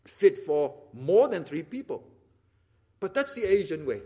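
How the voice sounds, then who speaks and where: Animated high-voiced preacher. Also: male voice, a little slow, husky. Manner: animated, acts out little dialogues, laughs often. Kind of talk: sermon.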